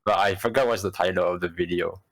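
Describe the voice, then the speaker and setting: A man's voice: low voice, fairly even intonation, quick pace, a bit bright, rough recording. A man hosting a casual podcast, often stumbling and repeating words as he talks. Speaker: podcast host.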